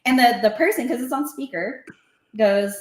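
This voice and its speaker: A woman's voice: a little high, normal speed, roomy sound, slight background noise. A woman telling a story in casual chat, laughing often and acting out what people said. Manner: animated, laughing, acting out quotes. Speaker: podcast guest.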